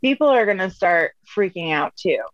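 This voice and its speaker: A woman's voice: medium pitch, expressive, moderate pace, no room sound, dull audio. A woman comedian hosting an interview, enthusiastic and laughing along with her guest. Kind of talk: casual interview chat.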